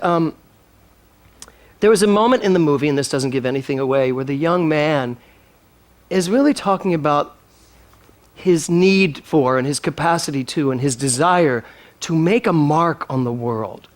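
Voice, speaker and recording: A male minister preaching a sermon, animated and emphatic, drawing replies from his congregation and speaking earnestly and emotionally. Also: a little high.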